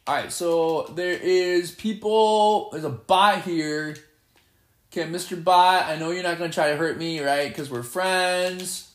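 A man giving live gameplay commentary, excitable and playfully boastful as he trash-talks. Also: a little high, unhurried, roomy sound. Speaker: gamer.

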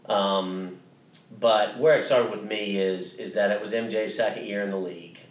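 A man's voice: on the low side, steady tone, moderate pace, roomy sound, far from the mic. A man co-hosting a podcast, telling a story in a casual, rambling way with many restarts and some swearing. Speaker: podcast co-host.

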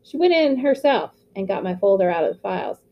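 A woman reading aloud, voicing an eager, excited teenage boy telling a friend his news, on a slightly muffled recording. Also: mid-range voice, a little fast, gravelly, slight background noise.

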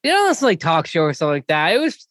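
A man's voice: a little high, huge pitch swings, rapid-fire, fairly bright tone, no echo. Teasing man with a dry close mic. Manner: teasing, laughing, swearing. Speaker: podcast co-host. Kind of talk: casual chat about hockey.

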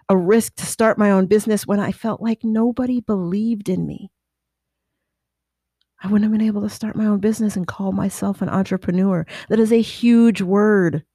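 A woman who runs her own business and speaks to motivate others, telling her story in a lively way and acting out the people she quotes. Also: mid-range voice, dry recording, clean studio sound. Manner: animated, acts out quoted voices, restless self-correcting. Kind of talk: personal storytelling talk.

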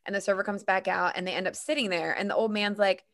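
A woman co-hosting a casual chat, telling an animated story and acting out the people in it. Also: mid-range voice, fast. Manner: animated storyteller, acts out quotes. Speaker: podcast co-host.

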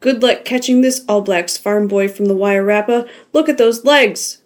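Audiobook figure: loud, excited male rugby announcer, voiced by a woman narrator, pitched up. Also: a little slow, natural voice. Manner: hollering play-by-play.

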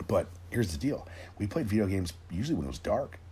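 Gruff, deep-voiced man ranting profanely. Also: big pitch swings, brisk, dark tone. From Tennessee, raised in Oregon. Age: 40s. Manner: rambling, gruff, swears constantly, many restarts. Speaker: rant host. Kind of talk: profane solo rant.

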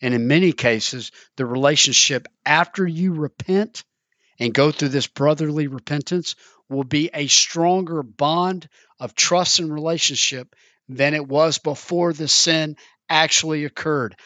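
A male preacher delivers a sermon with earnest storytelling. His voice is bright and forceful, and it is recorded close and dry with no room sound. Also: on the high side, measured pace, dry recording. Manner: earnest, storytelling, repeats words.

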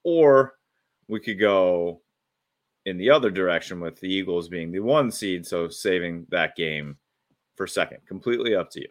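A man co-hosting a casual sports podcast, excitable and rambling, often restarting his sentences. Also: low voice, normal speed. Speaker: podcast co-host.

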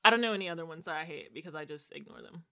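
Young DC-woman co-host, bright edge, blunt and opinionated, casual slangy chat. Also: sits low, lively intonation, racing, vocal fry. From DC–Maryland–Virginia area. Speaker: podcast co-host.

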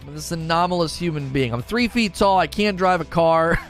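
Faint music sits behind a middle-aged man as he streams, joking around and repeating himself in casual gaming chat. He speaks at normal speed with a fairly high pitch.

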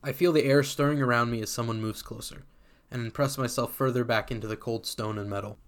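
Man, storybook reader, first-person, casual, wry, cursing, mid pitch. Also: steady tone, brisk. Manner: casual, sardonic, swears freely. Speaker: community reader.

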